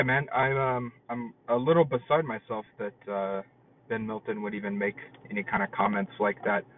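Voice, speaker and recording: A man leaving a casual, hesitant voice message from his phone, with many fillers and some irritation. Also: lowish voice. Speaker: caller, podcaster. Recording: tinny phone line with faint noise.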